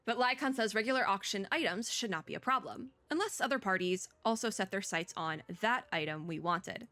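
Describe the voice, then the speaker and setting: A young woman VTuber streamer chats and jokes while reading game dialogue aloud during a let's play, laughing often. Her mid-range voice is expressive and sharp in tone, her pace brisk, and the recording dry.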